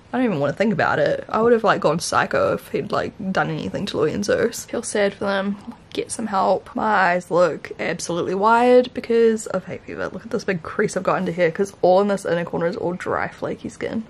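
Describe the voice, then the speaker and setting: A woman's voice: mid-range voice, vocal fry, slightly rough. Chatty New Zealand woman vlogger. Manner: chatty storytelling, many "like" fillers. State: dry sore throat from hay fever. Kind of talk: casual chat to camera.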